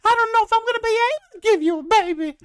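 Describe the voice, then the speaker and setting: A man putting on a high falsetto voice to mimic a dramatic, whiny woman with a Southern US accent. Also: rapid-fire, fairly bright tone.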